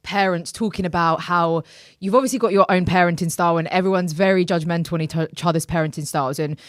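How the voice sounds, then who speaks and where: A woman's voice: on the low side, steady tone, no room sound, studio quality. Chatty young woman hosting a podcast. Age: 20s. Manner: chatty, quick reactions, asks questions. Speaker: podcast host. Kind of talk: casual podcast chat.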